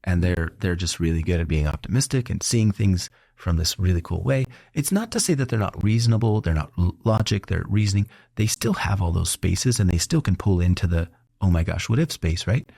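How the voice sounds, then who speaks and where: A middle-aged man with a deep, gravelly voice and a touch of husky rasp hosts a relaxed interview. He tells stories warmly and animatedly, laughing and putting on voices for the people he quotes. The sound is close and dry. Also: fairly quick, few pauses, no room sound. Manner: animated storyteller who laughs often and acts out quotes. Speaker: doctor and podcast host. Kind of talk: casual conversational interview.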